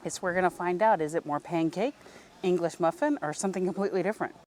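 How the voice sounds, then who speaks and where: A woman's voice: on the low side, quick pace, darkish tone, soft background music. A woman from the American South hosting a casual food vlog, chatty and goofy, laughing easily. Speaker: vlog host. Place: outdoor tea house seating.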